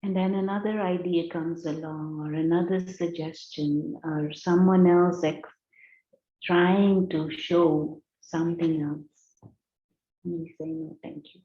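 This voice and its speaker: A woman meditation teacher giving a guided meditation talk, telling a story in a gentle, unhurried way. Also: lowish voice, fairly even intonation. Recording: roomy, slightly dull recording.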